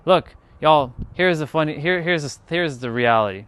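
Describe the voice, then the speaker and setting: A man's voice: fairly high pitch, a little fast, fairly bright tone. A man chatting on a casual livestream from outdoors in a yard, rambling and encouraging.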